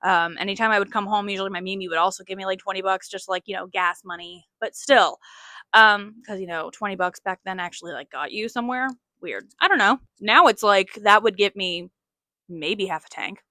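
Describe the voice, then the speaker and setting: A woman's voice: mid-range voice, fairly quick, pushed and bright, dry recording, studio quality. A woman in her late twenties hosting a podcast, telling stories in a chatty, self-mocking way full of "like" fillers. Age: late 20s. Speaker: podcast host. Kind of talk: casual storytelling monologue.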